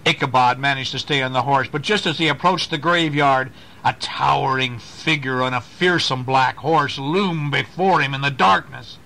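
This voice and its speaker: A man reading a bedtime story aloud to a child, animated and stopping to ask questions about the pictures. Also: mid-range voice, normal speed, vocal fry.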